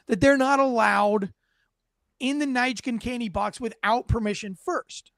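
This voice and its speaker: A man's voice: extremely high pitch, unhurried, gravelly, no echo, clean studio sound. Blunt, profane man commenting on footage. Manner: blunt, profane, animated storytelling. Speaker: host reacting to police footage. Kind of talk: casual commentary.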